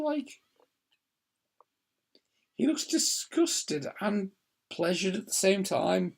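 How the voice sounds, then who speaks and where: Gravelly man in casual commentary. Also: high voice, big pitch swings, takes it slowly, long pauses, a little mellow. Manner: rambling, chatty, laughs often. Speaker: film commentator. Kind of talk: casual chat. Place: lying in bed indoors.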